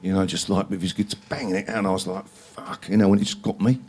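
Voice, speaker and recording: A man's voice: low voice, level tone, very fast, a little mellow, breathy edge. A man, telling long stories as a guest in a live interview, rambling and swearing freely with many ums. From England. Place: library event hall.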